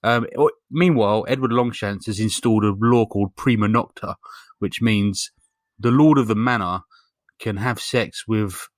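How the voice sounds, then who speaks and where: A man's voice: lowish voice, moderate pace, dry recording, clean studio sound. A man co-hosting a podcast, casually retelling a film's plot with lots of ums, asides and swearing. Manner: rambling storyteller with lots of fillers and swearing. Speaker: podcast co-host. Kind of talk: casual comedic film recap.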